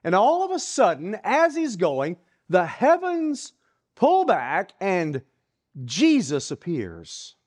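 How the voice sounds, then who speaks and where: A preacher giving a sermon, retelling a story dramatically and dropping to hushed whispers, often repeating words while building a scene. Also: mid-range voice, wildly swooping pitch, takes it slowly.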